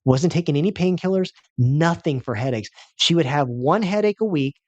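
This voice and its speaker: A man's voice: on the high side, expressive, normal speed, a little mellow, no room sound, muffled recording. A man giving a health seminar as a chiropractor, telling a patient's story with emphatic, repetitive phrasing.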